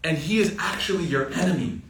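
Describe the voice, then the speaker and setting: A young man teaching an informal Quran reflection class, lively and joking, often asking the audience questions. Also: fairly high pitch, brisk, creaky. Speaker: Islamic teacher. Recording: roomy sound from a distant mic with faint ambient noise.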